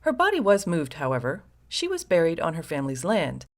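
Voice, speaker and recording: A woman's voice: sits low, wildly swooping pitch, brisk. A woman host narrating a scripted story with sardonic, wry asides to the listener.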